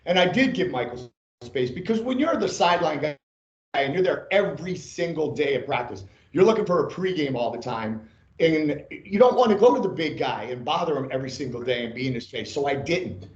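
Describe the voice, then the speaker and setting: A middle-aged man tells sports stories with excitable energy, repeating himself for emphasis and swearing freely. His voice sits a little high. It comes through dull and roomy, like remote call audio. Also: brisk. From Ohio. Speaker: guest, sportscaster. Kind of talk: animated storytelling.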